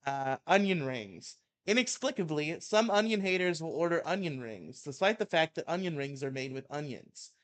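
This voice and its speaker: A young man with a fairly high voice reads a comic rant aloud to his co-host. He hams up the outrage and keeps breaking into laughter. The talk is loose and chatty. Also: animated, normal speed, few pauses. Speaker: co-host reading an article aloud. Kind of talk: casual chat and comic dramatic reading.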